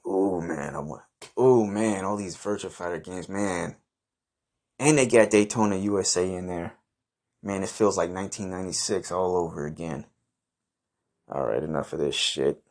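A man with a deep, low voice narrates his own comic misadventure in a brash, swaggering way. He swears constantly and flares up in shouting outrage. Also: normal speed. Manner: crude, profane, brash and swaggering. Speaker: comedy podcast host. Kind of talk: improvised first-person comic narration.

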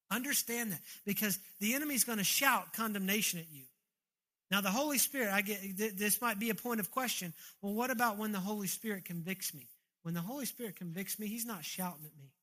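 A man's voice: high-pitched, sharp tone. A man preaching a sermon as pastor, earnest, often repeating and restarting his words, into a handheld microphone.

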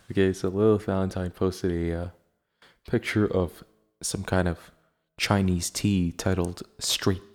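A man hosting a podcast in casual chat, blunt and profane as he rants. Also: deep voice. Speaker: podcast host.

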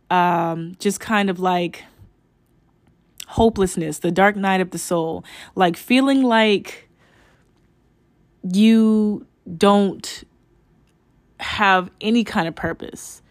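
A woman's voice: lowish voice, dry recording. A young woman hosting a casual spiritual podcast, rambling with many fillers and restarts and calling her listeners "y'all". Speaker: podcast host.

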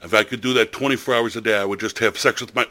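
A man's voice: on the low side, fairly even intonation, fast, sharp tone. A man putting on the voice of a blunt, serious New Yorker with a New York City accent, quoting a friend in a podcast chat. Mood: earnest. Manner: earnest, blunt.

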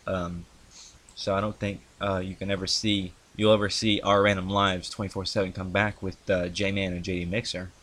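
A young YouTuber with a fairly low voice rambles casually through the history of his video series, halting often with ums, false starts and restarts. His delivery is flat and a bit bright. He's on a handheld mic that he keeps adjusting.

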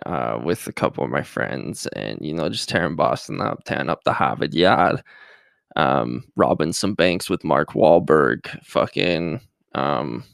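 A young man hosts a solo podcast in a low, gravelly voice, rambling and hesitant with lots of restarts. His pitch swings widely as he slips in self-mocking jokes and sounds a little nervous. The sound is dry and close. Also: no echo. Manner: self-mocking jokey asides. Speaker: podcast host. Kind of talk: casual solo podcast monologue.

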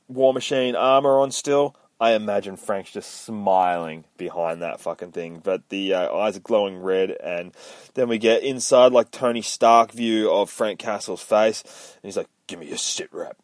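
A man hosting a podcast from inside his van, recapping a comic book in a profane, excitable way full of sound effects. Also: on the low side, no room sound. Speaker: podcast host.

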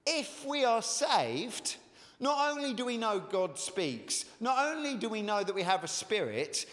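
A man's voice: high voice, sing-song, a little slow, a bit bright, in a large hall. A man preaching a sermon as a pastor, earnest and conversational, asking his listeners repeated questions. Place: church.

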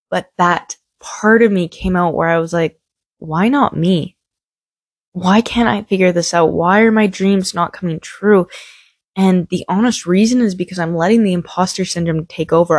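A woman's voice: lowish voice, no echo. A young woman hosting her own podcast, talking candidly and bubbly into a small microphone, swearing freely. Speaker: podcast host. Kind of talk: casual solo podcast monologue.

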